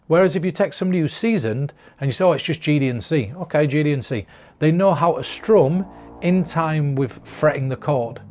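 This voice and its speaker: A man's voice: fairly high pitch, dark tone. A man from the north of England talking straight to his own camera, giving earnest, encouraging advice to the viewer. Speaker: mentalist giving performance advice. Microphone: camera recording himself.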